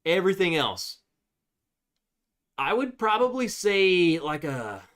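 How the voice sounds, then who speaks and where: Slow-talking man chatting about whiskey. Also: sits high, sing-song, a bit bright. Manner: rambling, filler-heavy, baby talk to his dog. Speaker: whiskey live streamer. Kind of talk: casual live stream chat.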